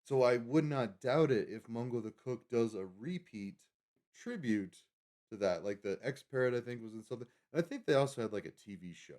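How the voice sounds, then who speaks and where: A man's voice: mid-range voice, lively intonation, fairly quick, darkish tone. A man hosting a livestream, chatting casually and rambling with lots of fillers and self-corrections. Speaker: livestream host.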